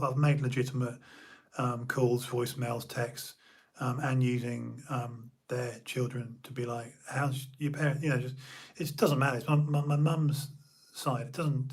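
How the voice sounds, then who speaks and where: A young man from the UK, streaming an emotional personal monologue, halting and repeating his words as he talks. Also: medium pitch.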